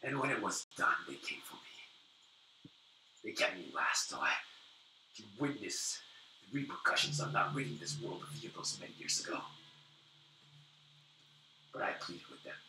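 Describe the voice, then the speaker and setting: A man voicing a feeble, bitter old man in a wheelchair in a whispered role-play, with a breathy, wheezing whisper. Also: on the low side, big pitch swings, moderate pace, long pauses, bright, forceful tone, echoey room, distant mic, slight background noise, exaggerated voice, low-quality recording. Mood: bitter, accusing.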